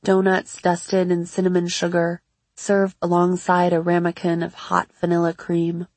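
A woman with a somewhat low, breathy voice reads a memoir in scripted audiobook narration. Her delivery is measured and reflective, and the recording is close and dry. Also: completely flat delivery, darkish tone, no echo. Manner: measured, reflective first-person reading.

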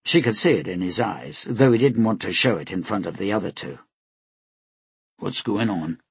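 A man narrating a novel at a steady, measured pace. His voice sits low and husky, and the recording is close and dry. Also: dry recording. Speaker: audiobook narrator. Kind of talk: scripted narration.

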